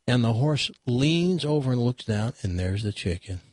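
Man, radio talk host, husky voice, dry close sound, chatty joke-telling. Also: mid-range voice, expressive, normal speed, a little mellow, no room sound. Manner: chatty, stammering restarts, laughs at own punchlines.

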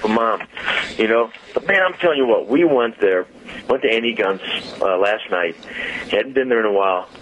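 A man's voice: fairly low pitch, expressive, a bit bright, a little hiss or hum. A man talking casually on a radio show, rambling with many fillers and restarts. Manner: rambling, halting, full of fillers. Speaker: car dealer guest. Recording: dull lo-fi radio audio.

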